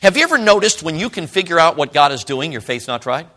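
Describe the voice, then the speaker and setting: A middle-aged man preaching a sermon, telling a folksy story with frequent laughs and swings between loud and hushed. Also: fairly high pitch, sing-song, fast talker. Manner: folksy storytelling, frequent "you know what I'm talking about".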